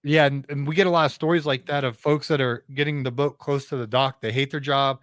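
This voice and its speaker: A man's voice: medium pitch, steady tone, brisk, a bit bright, no echo, studio quality. A man being interviewed about his podcast, talking earnestly and at length in a casual way, often restarting his sentences. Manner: earnest, talkative, many restarts. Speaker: podcast host, interview guest.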